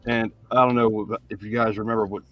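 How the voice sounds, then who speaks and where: A man's voice: lowish voice, level tone, a little fast, highs cut off. A man, a guest, telling his own story, a bit nervous and swearing as he goes.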